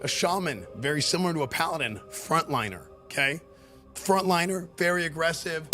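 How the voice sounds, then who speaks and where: Male live streamer, slightly high voice, loose and rambling commentary delivery, faint background music. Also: brisk. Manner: excitable, rambling, filler-heavy with repeated words. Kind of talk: live-stream commentary reacting to game questions.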